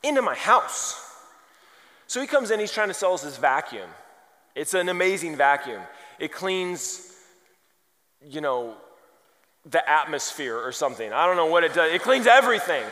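A man preaching a sermon, telling funny stories and building to loud, emphatic points. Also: a little high, normal speed. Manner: animated, humorous, rising to loud emphasis. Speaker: pastor. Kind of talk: sermon with storytelling. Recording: reverberant large hall.

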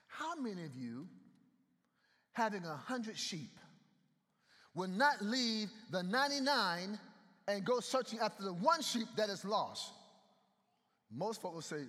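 Here a pastor from the United States, his voice sitting high and fairly bright, gives a chatty sermon full of banter with the congregation, the sound echoing around the hall.

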